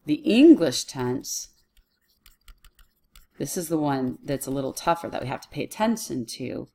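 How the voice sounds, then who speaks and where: A woman's voice: very deep voice, big pitch swings, measured pace, warm tone, breathy edge. A woman teaching a Latin lesson to children on video, working patiently through a worksheet and talking herself through each step.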